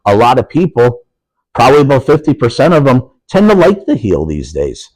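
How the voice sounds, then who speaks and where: A man's voice: mid-range voice, big pitch swings, a little fast, a little mellow, no echo, poor audio. A middle-aged man with an Upper Peninsula Michigan accent, chatting casually as a guest, rambling and laughing easily. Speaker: wrestling guest. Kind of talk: casual podcast chat.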